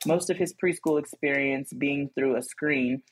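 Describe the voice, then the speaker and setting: A woman co-hosting a casual podcast, reading listener letters aloud with lively asides and laughter. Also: sits low, measured pace, slight background noise. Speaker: podcast co-host.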